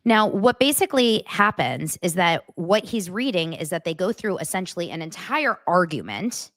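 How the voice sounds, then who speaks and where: A woman hosts a casual commentary vlog in a frank, chatty way, with plenty of asides and musings. Her voice sits a little low for a woman. The sound is close and dry, with no room around it. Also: very animated, normal speed, a bit bright, no room sound. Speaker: host.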